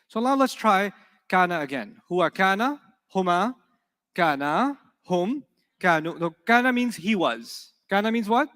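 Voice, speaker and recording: A man's voice: high-pitched, a bit bright. A man teaching an Arabic class in a conversational, encouraging way, often asking his students questions. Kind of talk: classroom lecture. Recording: long hall reverb.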